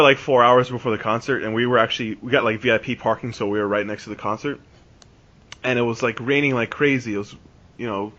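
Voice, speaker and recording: A man's voice: medium pitch, fairly bright tone. Rambling man on a lo-fi podcast. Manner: rambling, full of "like" and restarts. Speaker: podcast host. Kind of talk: casual storytelling. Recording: dull lo-fi podcast recording.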